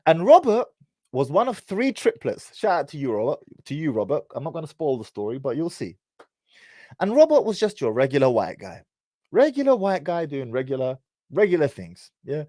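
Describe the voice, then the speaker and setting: Brief: English man, 30s, lively swooping delivery, teasing street slang, fairly high voice, dry close mic. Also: normal speed, dry recording. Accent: British, English. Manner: animated, teasing, heavy on slang. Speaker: vlogger. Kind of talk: casual storytelling monologue.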